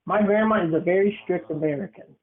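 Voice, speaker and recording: A man's voice: high voice, a little fast. Teasing young man, tinny phone sound. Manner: teasing, joking storyteller. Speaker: podcast host. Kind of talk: casual podcast chat.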